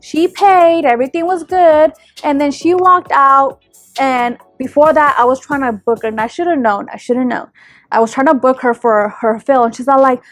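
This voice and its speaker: A young woman lash artist telling her viewers a story in an animated, chatty way, full of fillers. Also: high-pitched, normal speed, no echo, clean studio sound. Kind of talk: storytime vlog.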